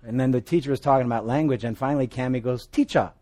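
A man from Hawaii with a Hawaiian accent, preaching a sermon with jokes and swings between loud and soft. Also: rapid-fire. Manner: animated, joking asides, pitch and volume swing widely. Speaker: pastor.

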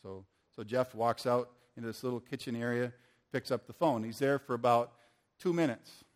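Animated male preacher telling a story. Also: mid-range voice, normal speed. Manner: animated, acts out the people in his story. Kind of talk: storytelling sermon.

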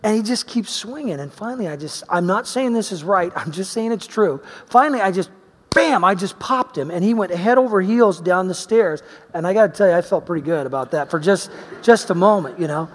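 A male pastor from Oregon telling a personal story in his sermon, animated, swinging between loud emphasis and quiet asides. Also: high voice, brisk. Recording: long reverb of a large hall.

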